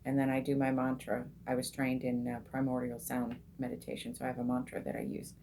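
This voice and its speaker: A middle-aged woman hosting a women's group, talking casually as she teaches meditation, unhurried, with many ums and restarts, going soft and slow when she guides the breath. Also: a bass voice, monotone, creaky, a little hiss or hum. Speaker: meditation coach and group host.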